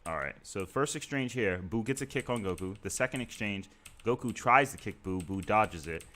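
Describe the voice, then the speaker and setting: A man's voice: fairly low pitch, animated, moderate pace, a bit bright. A man hosting a live stream, talking through scenes one by one in a casual, conversational way with fillers. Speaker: stream host.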